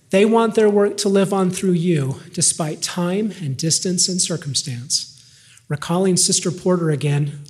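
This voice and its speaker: An older man delivers a scripted devotional address from a lectern. His voice sits a touch higher than most men's. His delivery is measured and carries a gentle dry humor. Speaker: devotional speaker.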